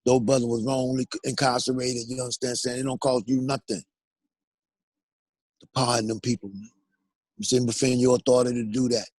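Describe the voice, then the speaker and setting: A man's voice: medium pitch, little pitch movement, brisk, pauses often, a little mellow, breathy edge, no room sound. An older man speaking earnestly as a guest, peppering his talk with "man" and "you understand.". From United States. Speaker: guest, exoneree. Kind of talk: emotional phone interview.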